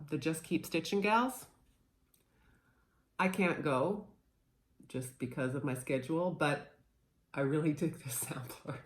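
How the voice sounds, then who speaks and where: A woman's voice: deep voice, slight background noise. A woman in her thirties chatting casually and playfully as she shows off her cross-stitch haul, a bit scattered with lots of fillers. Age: 30s. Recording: echoey room.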